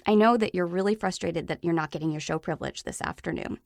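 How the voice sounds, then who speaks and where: A woman in her thirties, a parenting expert explaining her advice on a podcast in a reassuring way, sometimes acting out gentle lines to a child. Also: fairly low pitch, fast, vocal fry, few pauses, no echo, clean studio sound.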